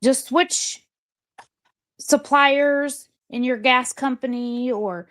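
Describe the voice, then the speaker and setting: A woman's voice: high voice, drawn-out words, a bit bright. A woman calling in to a live talk show, rambling and repeating herself as she shares her idea. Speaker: caller. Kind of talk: casual call-in chat.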